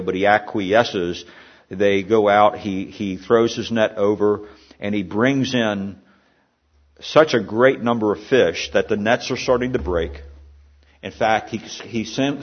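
Husky low-voiced man preaching a sermon. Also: lo-fi sound. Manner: conversational preaching with rhetorical questions and restarts. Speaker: pastor.

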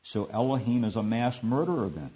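A man voicing a crude, mocking ancient man who turns hostile, in a husky voice on a dull recording. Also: mid-range voice, animated, moderate pace.

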